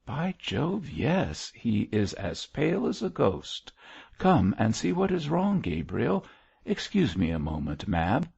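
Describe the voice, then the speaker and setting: A man's voice: mid-range voice, wildly swooping pitch, slow, creaky, darkish tone, husky, highs cut off, pitched above the performer's own voice, exaggerated voice. A man voicing a teasing young captain. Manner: playful, bantering. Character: lively teasing young male army captain.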